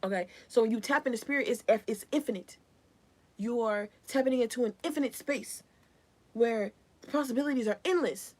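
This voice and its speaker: A woman's voice: fairly high pitch, brisk, a little mellow. A young woman giving a live collective tarot reading in a casual, rambling, slangy way. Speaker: tarot reader.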